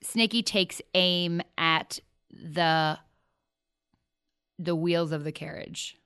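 A woman player calmly describing her character's actions in a tabletop game. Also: fairly low pitch, drawn-out words, clear, resonant tone.

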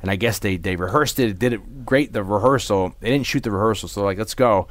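A man's voice: on the low side, fast talker, no echo. A man co-hosting a podcast, chatting casually and rambling with many fillers and restarts. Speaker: podcast co-host. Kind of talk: casual chat.

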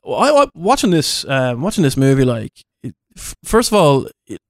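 A man's voice: medium pitch, sing-song, moderate pace, no room sound, clean studio sound. A man chatting casually about a film on a podcast, rambling with many restarts and easy laughs.

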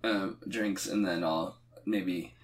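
A man co-hosting a comedy podcast in casual chat, answering with frequent yeahs and telling animated stories. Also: low-pitched, takes it slowly. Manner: frequent yeah backchannels, animated storytelling. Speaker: podcast co-host.

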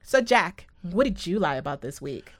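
A woman's voice: lowish voice, big pitch swings, normal speed, no echo. A young woman co-hosting a casual podcast, chatting loosely and laughing often between her stories. She leans on plenty of fillers. Her voice sounds dry, with no room around it. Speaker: podcast co-host. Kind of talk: casual chat.

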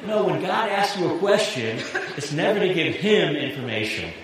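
A man preaching a sermon as pastor, animated and laughing at his own jokes. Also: fairly high pitch, normal speed, a crowd in the background. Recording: echoey hall with long reverb, faint hiss.

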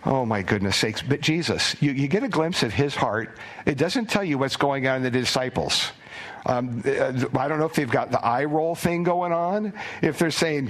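A middle-aged man preaching to his congregation. His pitch sits in an ordinary middle range. He tells stories with lively asides and acted-out lines. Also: moderate pace. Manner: animated storytelling, acts out voices. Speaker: pastor. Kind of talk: sermon.

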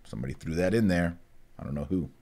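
Low-voiced male teacher, casual online lesson, slow careful Latin enunciation with conversational asides. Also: lively intonation, warm tone. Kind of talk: casual online lesson, reading and explaining prayers.

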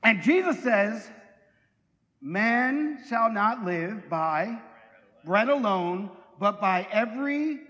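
High-voiced joking pastor in a reverberant hall. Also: male voice, sharp tone. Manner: conversational, joking, asks the congregation questions. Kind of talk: sermon. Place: church hall.

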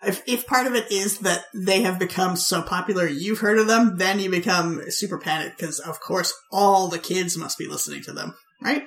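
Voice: mid-range voice, normal speed, vocal fry, few pauses, a bit bright. A podcast co-host in casual comedic chat, musing playfully and chuckling often. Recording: echoey room.

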